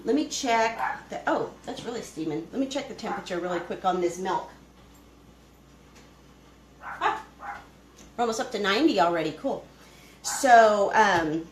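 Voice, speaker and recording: A woman's voice: on the high side, echoey room, a little hiss or hum, poor audio. A woman hosting a casual homesteading live stream from her home kitchen, chatting and rambling as she cooks and greets viewers by name. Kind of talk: casual live-stream chat while cooking. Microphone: camera she moves around the kitchen.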